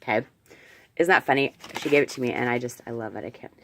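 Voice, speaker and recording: Low-voiced chatty crafter woman. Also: fast talker, slight background noise. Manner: chatty and gushing, with fillers and self-corrections. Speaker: crafter showing a handmade album. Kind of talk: casual show-and-tell vlog.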